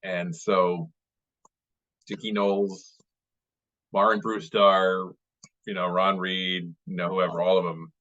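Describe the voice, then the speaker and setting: Late-40s male guest, deep voice, chatty and rambling, dull video call audio. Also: flat delivery, takes it slowly, long pauses, pushed and bright. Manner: rambling, many fillers and restarts, fond and chatty. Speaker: baseball writer, guest speaker. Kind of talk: casual interview over video call.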